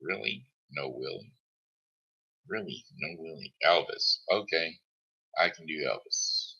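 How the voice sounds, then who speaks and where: A man's voice: rumbling low, a little slow, vocal fry, sharp tone, breathy edge. A man from Missouri hosting a live show, chatting casually in a rambling, self-deprecating way. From Missouri, United States. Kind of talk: casual live-stream chat. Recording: dull lo-fi stream audio.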